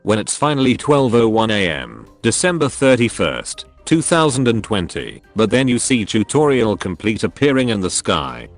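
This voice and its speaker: Lively low-voiced man reading meme captions. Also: faint music behind. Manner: brisk caption-by-caption reading, quick jumps between jokes. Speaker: meme compilation narrator.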